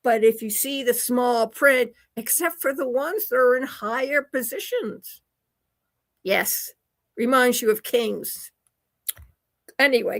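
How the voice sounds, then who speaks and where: A woman hosting a talk radio show, reading news quotes with sarcastic asides. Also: sits high. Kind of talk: opinion commentary reading quotes.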